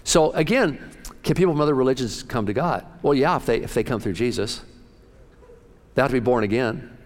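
A middle-aged man preaching a sermon as pastor, folksy and excitable, often jumping up in pitch and loudness. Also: brisk, big-room sound.

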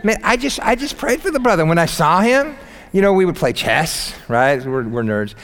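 A man preaching a sermon in church, animated and humorous, jumping between loud bursts and quiet asides and laughing at his own jokes. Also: on the high side, normal speed. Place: church sanctuary.

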